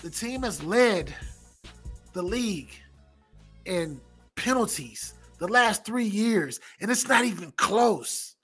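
A man's voice: high voice, animated, slow, a bit bright, slightly rough, soft background music. A middle-aged man hosting a sports reaction channel, ranting emphatically, repeating himself and swearing. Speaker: sports commentary host.

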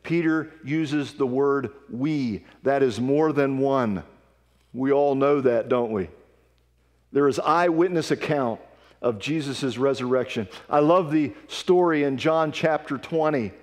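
A man's voice: medium pitch, measured pace, big-room sound. A man preaching a sermon with earnest emphasis, reading scripture aloud. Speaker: pastor. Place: church sanctuary.

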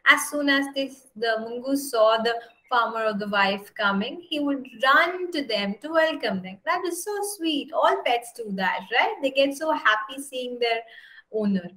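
A woman teacher from India tells a story in an English lesson, animated, with many "right?" checks to her pupils. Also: on the high side, measured pace, low-quality recording. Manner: animated, asks "right?" again and again.

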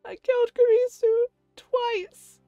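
A woman's voice: very high-pitched, fairly even intonation, takes it slowly, no room sound, dull audio, soft background music, voice pushed up, full character voice. A woman voicing a guilt-stricken young male scientist, narrating with anguish as she reads a visual novel aloud. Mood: shattered. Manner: anguished first-person narration.

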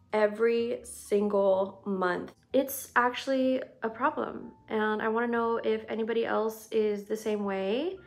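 A young woman chatting candidly to her viewers while doing her makeup, self-deprecating and open about her week. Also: medium pitch. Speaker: beauty vlogger. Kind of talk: casual get-ready-with-me chat. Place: bedroom at home.

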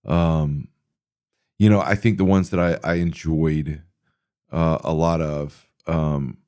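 Deep-voiced rambling man podcast host. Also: slow, no echo, clean studio sound. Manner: rambling, animated storyteller with many fillers. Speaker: podcast host answering listener questions. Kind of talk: casual interview talk.

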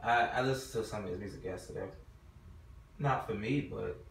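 A man's voice: lowish voice, moderate pace, gravelly. A man co-hosting a podcast, chatting casually in a loose, slangy way full of "like". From Brooklyn. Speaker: podcast co-host. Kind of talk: casual chat. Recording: roomy, distant mic, faint noise.

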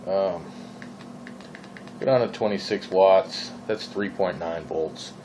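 A man's voice: sits low, takes it slowly, darkish tone, a little hiss or hum, rough recording. A man from Minnesota with a Minnesotan accent, rambling casually in his vlog, full of fillers and exasperated questions. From Minnesota, USA. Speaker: vlogger. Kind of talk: casual vaping vlog rant.

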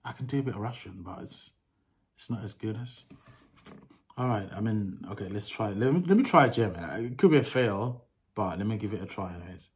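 A man's voice: on the low side, lively intonation, fairly quick. A young man vlogging casually to camera, chatty and laughing, with street slang. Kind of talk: casual vlog talk to camera.

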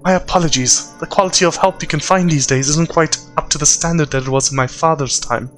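A man voicing a composed, menacing female yakuza boss with a put-on Russian accent, speaking slowly and deliberately. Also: a little high, fairly bright tone, faint music behind, close to an everyday voice. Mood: cool menace.

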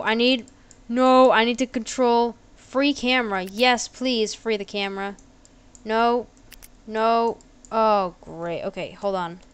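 A woman's voice: fairly high pitch, clean tone. Giggly woman narrating her gameplay. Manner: chatty, giggly and self-deprecating. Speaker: gaming video creator. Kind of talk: casual game commentary.

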